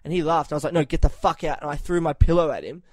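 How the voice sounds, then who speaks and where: A man's voice: fairly high pitch, quick pace. A man from Australia telling a story on a podcast in casual chat, swearing a lot and raising his voice when he quotes himself. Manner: profane, animated, shouts when quoting himself.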